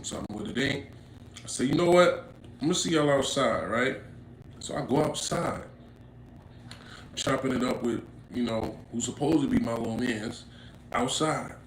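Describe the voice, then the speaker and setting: Gravelly-voiced man telling a street story. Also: mid-range voice, normal speed, long pauses. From Inglewood, California. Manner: street slang, acts out quotes, rising to loud emphatic bursts. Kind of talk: animated storytelling to camera. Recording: roomy echo, faint background noise.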